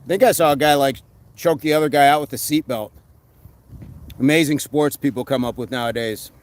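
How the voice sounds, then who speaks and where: A man hosting a casual live stream, reading comments aloud and giving quick fitness tips in a relaxed way. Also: medium pitch, low-quality recording. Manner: relaxed, answers chat questions with quick tips.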